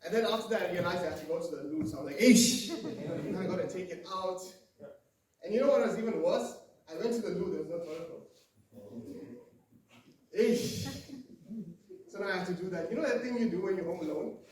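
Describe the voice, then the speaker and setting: South african guy in his 20s doing stand-up, kinda high voice, echoey room from a bit far off. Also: fast talker. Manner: chatty, loose storytelling with asides to the crowd. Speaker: stand-up comedian. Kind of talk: first-time stand-up set. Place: live comedy room.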